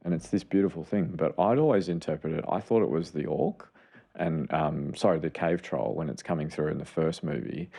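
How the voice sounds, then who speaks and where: A man's voice: a bass voice, a little fast, vocal fry, warm tone. A man co-hosting a podcast and explaining child mental health in an earnest, rambling way, correcting himself as he goes. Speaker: podcast co-host, child clinician. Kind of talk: casual explanatory chat.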